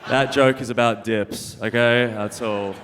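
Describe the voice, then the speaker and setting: A man's voice: medium pitch, fairly even intonation, a little slow. A young man doing a stand-up comedy set, punchy and wry, laughing at his own jokes on a club stage. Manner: punchy, wry, self-mocking delivery with frequent laughs. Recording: live venue reverb with faint noise.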